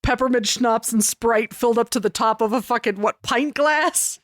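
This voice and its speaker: A woman co-hosting a comic podcast, trading dry jokes and asides in a loose, easy chat. Her voice sits a little high for a woman. The sound is close and dry, with no room around it. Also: moderate pace, no room sound. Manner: dry, joking, talks over her co-host. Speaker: podcast co-host.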